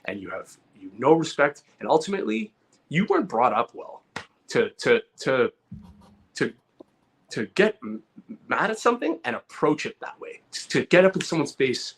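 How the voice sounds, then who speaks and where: A man's voice: medium pitch, big pitch swings, moderate pace, a bit bright, slightly rough. Heated, swearing man. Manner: heated, repeats words and restarts often, swears. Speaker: podcast co-host, comedian. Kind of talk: casual podcast chat.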